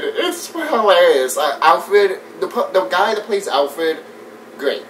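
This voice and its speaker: A man giving a casual, animated movie review rant. He swears often, laughs a lot and mimics scenes as he talks. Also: high voice, slow pace. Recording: distant mic with faint background noise.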